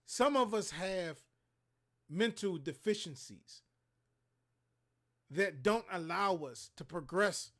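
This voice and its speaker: High-voiced man ranting with heat. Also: lively intonation, slow pace, pauses often, a bit bright. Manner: heated, profane, preachy. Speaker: show host. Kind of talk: impassioned livestream rant.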